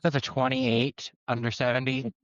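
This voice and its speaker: A man's voice: mid-range voice, level tone, normal speed, fairly bright tone, dry recording, dull audio. A man, a player at a tabletop game, chatting casually and eagerly, stumbling over his words.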